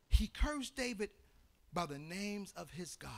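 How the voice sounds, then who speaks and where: A man from Chicago preaching a sermon as pastor. He tells a story and then builds into shouted, half-sung preaching. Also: sits high, lively intonation, unhurried, vocal fry. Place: church sanctuary.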